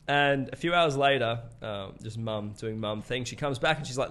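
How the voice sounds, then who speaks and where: A man's voice: mid-range voice, moderate pace, hardly any pauses, fairly bright tone. A man in his twenties with an Australian accent, a podcast guest telling stories in casual conversation, swearing freely and laughing often. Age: 20s.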